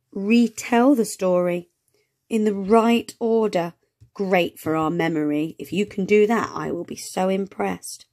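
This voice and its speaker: A woman reading an early reader aloud to young children, gently sounding out words and asking encouraging questions. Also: mid-range voice. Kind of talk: children's read-along lesson.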